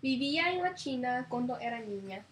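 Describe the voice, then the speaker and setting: A playful woman chimes in with example words from a little off to the side. Her voice sits a bit high, and a faint hiss runs under it. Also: expressive, quick pace. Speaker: co-teacher giving examples.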